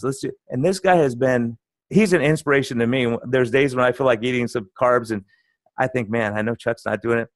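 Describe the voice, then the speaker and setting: A middle-aged man, a doctor, telling patient stories in a casual interview with lively, animated delivery. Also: mid-range voice, no room sound. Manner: animated storytelling, acts out quoted patients. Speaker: internal medicine doctor, guest.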